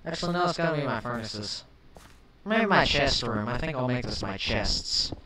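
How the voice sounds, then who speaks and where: A young man giving let's play commentary, chatting calmly and then flaring into shouted rage at the game, often swapping swears for milder words. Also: mid-range voice, moderate pace. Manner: swaps swears for mild substitutes. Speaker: gaming commentator. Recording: distant mic with faint hiss.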